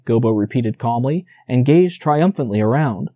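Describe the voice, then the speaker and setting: A man reading a children's classic aloud as an audiobook narrator, with expressive storytelling. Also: mid-range voice, normal speed, no echo.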